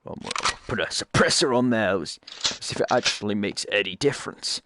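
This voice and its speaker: A man's voice: lowish voice, a little fast, background noise. A man giving casual gameplay commentary, rambling and joking, often cutting himself off to correct what he just said. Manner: rambling, jokey, self-correcting asides. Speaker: gaming YouTuber.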